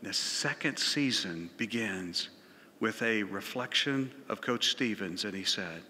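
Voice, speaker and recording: Male pastor, sermon delivery, bright voice, long sanctuary reverb. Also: lowish voice, animated, a little slow, a little hiss or hum. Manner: conversational storytelling, emphatic. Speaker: senior pastor. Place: large church sanctuary.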